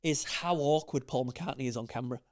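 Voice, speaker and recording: A man's voice: mid-range voice, a little fast. A man co-hosting a podcast, sceptical and teasing in casual chat. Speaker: podcast co-host.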